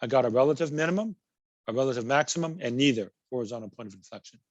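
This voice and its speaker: A man's voice: medium pitch, rapid-fire, dry recording, lo-fi sound. A man teaching a college math class, patiently working through examples and repeating key words. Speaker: math instructor. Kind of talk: recorded class lecture.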